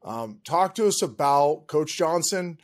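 A man's voice: a little high, lively intonation, unhurried. A man hosting an interview, speaking in a conversational way with fillers like "um". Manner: conversational, fillers and throat clearing. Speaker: podcast host.

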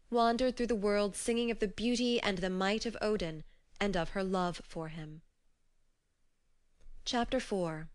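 A woman narrating an old myth collection as an audiobook, in measured, even storytelling. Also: mid-range voice, clear, resonant tone.

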